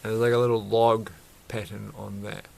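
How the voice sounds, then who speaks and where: A man's voice: lowish voice, level tone, normal speed, creaky, a little mellow. A man chatting casually and rambling while he builds a toy set, chuckling often and breaking off mid-sentence. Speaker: vlogger building Lego sets.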